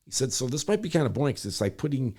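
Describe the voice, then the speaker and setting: A man's voice: medium pitch, big pitch swings, warm tone. A middle-aged man from Michigan, a public servant, telling a story in conversation, acting out other people's lines and often correcting himself mid-sentence. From Michigan, USA. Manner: acts out quoted voices, rapid self-corrections.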